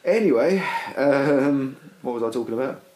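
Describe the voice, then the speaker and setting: A man's voice: mid-range voice, expressive, moderate pace, mellow. Rambling man in an echoey room. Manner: rambling, self-deprecating, joking. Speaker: podcast co-host. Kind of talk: casual chat.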